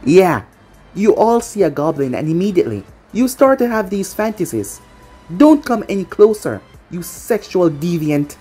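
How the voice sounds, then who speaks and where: A woman voicing a cheeky young male hero reborn as a goblin, speaking sarcastically in a lower register than her narration. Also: big pitch swings, moderate pace, dark tone, husky, soft background music. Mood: sarcastic.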